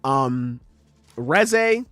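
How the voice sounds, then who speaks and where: A man hosting a podcast, ranting in a casual, profane and animated way. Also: medium pitch, extremely slow, clean tone, no echo. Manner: animated, profane, critical ranting with acted quotes. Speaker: podcast host.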